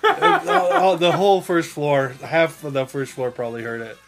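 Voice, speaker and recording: A man telling rambling, profane office stories in casual podcast chat, with halting restarts. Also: fairly high pitch, big pitch swings, music in the background.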